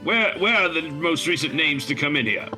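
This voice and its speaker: A man's voice: animated, moderate pace, pushed and bright, soft background music. A man playing Steel Rook, a pompous paladin. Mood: demanding. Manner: grandiose, booming commands.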